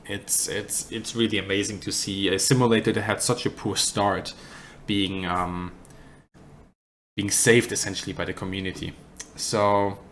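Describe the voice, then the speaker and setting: A man's voice: lowish voice, little pitch movement, unhurried, a bit bright, slight background noise. A man with a German accent casually answering chat questions on a live stream, rambling and correcting himself with dry humour. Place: apartment.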